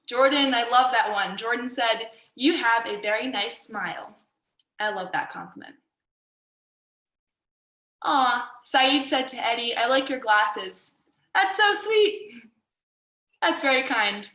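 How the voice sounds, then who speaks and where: A woman's voice: fairly high pitch, unhurried, pushed and bright, reverberant, poor audio. A woman martial arts instructor teaching an online workshop for kids in an upbeat, encouraging way, over a video call.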